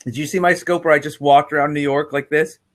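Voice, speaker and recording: Man hosting a livestream, rambling storyteller, somewhat high voice. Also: fairly even intonation, fast talker, fairly bright tone. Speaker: livestream host. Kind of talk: casual chat.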